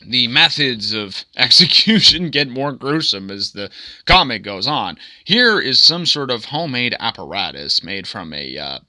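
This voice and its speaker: A man narrating his own comic in a loose, crude, joking way and chuckling at his own asides. His voice is sharp and bright and moves a lot in pitch. It is close-miked and dry, with no room sound. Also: very animated, unhurried, no room sound. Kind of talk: casual commentary.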